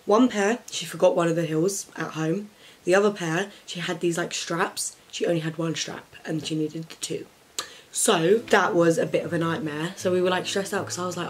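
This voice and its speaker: A woman's voice: lowish voice, steady tone, moderate pace. A young woman chatting to camera in her bedroom, telling a story full of fillers. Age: young adult. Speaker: vlogger. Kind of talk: casual chat to camera.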